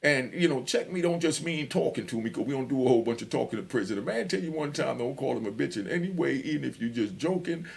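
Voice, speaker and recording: A middle-aged man with a New York accent, telling his own prison stories in a rambling, animated, casual monologue. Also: medium pitch, quick pace, vocal fry, few pauses. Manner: animated, rambling, full of "you know what I mean".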